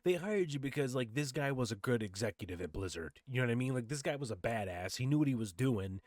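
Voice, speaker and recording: A man's voice: medium pitch, expressive, fast talker, darkish tone, no echo. A man on a casual podcast rants with lots of swearing. He acts out other people's words in suddenly raised voices. The sound is dry and close. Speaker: podcast co-host. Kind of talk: casual chat.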